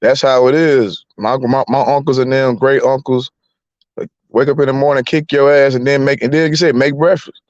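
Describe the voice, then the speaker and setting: A man in casual chat, talking animatedly and laughing, his voice jumping high when he gets worked up. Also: steady tone, moderate pace, darkish tone, dry recording, highs cut off.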